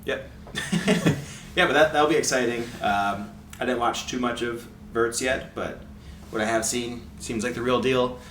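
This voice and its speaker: A man's voice: mid-range voice, steady tone, unhurried, fairly bright tone. A chatty man co-hosting a podcast, talking casually and often breaking into laughs. His voice sits in the middle range and rings in a roomy space, picked up from a distance with faint hiss behind. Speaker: podcast co-host. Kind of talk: casual chat.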